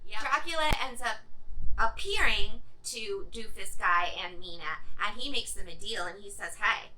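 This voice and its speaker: A woman's voice: medium pitch, moderate pace, sharp tone, distant mic, poor audio. A woman reviewing a movie in a casual vlog, sarcastic and irreverent, swearing freely.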